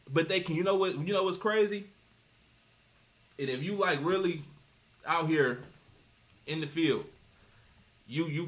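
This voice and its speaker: A man's voice: on the high side, a bit bright. A man giving casual livestream commentary with a preachy, emphatic, rambling delivery that keeps citing scripture. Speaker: streamer commenting on reaction videos.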